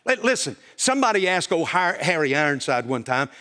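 A man's voice: a little high, big pitch swings, a little fast, pushed and bright. A man preaching a sermon to a congregation, emphatic and full of rhetorical questions. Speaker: pastor. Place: church.

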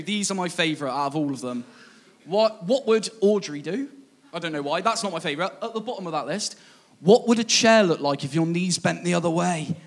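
High-voiced man preaching playfully. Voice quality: playful, laughing, rising excitement when amused. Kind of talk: casual humorous sermon.

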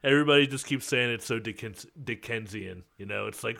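A man hosting a podcast in loose, chatty banter, often breaking into laughter. His voice is bright and forward, at a middling pitch, and he rambles cheerfully between jokes. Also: brisk, creaky, few pauses. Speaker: podcast co-host.

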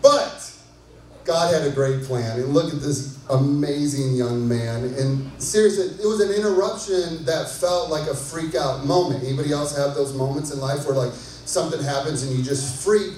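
Pastor guy with a high voice, chatty and pumped, mic far off in a big echoey church. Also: moderate pace, darkish tone. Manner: conversational and enthusiastic, asks the crowd often. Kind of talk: sermon. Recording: echoey hall from far off, faint noise.

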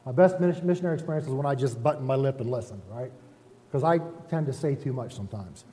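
Folksy pastor preaching in a reverberant hall. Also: male voice, medium pitch, quick pace, warm tone. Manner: folksy, self-deprecating, talks to the congregation with frequent "right?". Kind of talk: conversational sermon.

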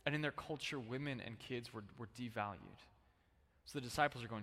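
Bright, animated preacher in a reverberant hall. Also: male voice, medium pitch, a little fast. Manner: conversational, animated, prompts congregation to respond. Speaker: pastor. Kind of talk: sermon. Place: church sanctuary.

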